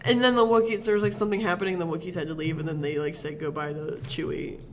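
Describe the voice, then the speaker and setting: A man's voice: fairly high pitch, fairly even intonation, quick pace, poor audio. A man co-hosting a podcast, rambling through a film recap in casual chat and laughing often. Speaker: podcast co-host.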